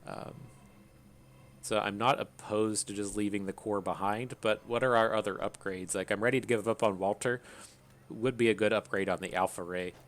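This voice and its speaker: A man's voice: fairly low pitch, fairly even intonation, normal speed. A man giving casual commentary while playing a video game, rambling, repeating words and swearing now and then. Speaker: gaming streamer.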